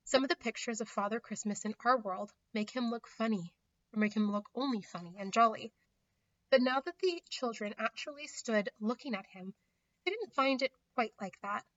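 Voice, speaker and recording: Woman narrator for a children's storybook read-aloud, gentle and measured, a bit high; dull, muffled recording. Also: expressive. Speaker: reader.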